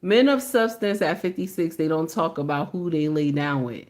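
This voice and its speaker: A woman's voice: sits low, moderate pace. A woman giving casual reaction commentary, emphatic and repetitive, driving each point home with "okay?" and "baby".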